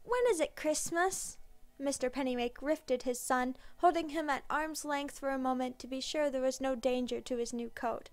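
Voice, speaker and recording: High-voiced woman narrating a storybook. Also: moderate pace, hardly any pauses, no room sound. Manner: expressive storybook reading. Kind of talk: scripted narration. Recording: dry close mic with background music.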